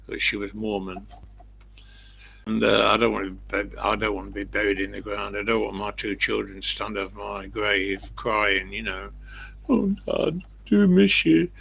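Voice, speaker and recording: Older man, livestream host, gravelly, low-pitched, blunt rambling chat. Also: sharp tone, rough recording. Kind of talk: casual chat with viewers.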